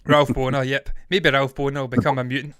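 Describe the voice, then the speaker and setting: A man co-hosting a casual film review podcast, chatty and quick to laugh. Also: medium pitch, level tone, fairly bright tone, no echo, clean studio sound. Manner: chatty, laughs easily, reads quotes aloud. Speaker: podcast co-host.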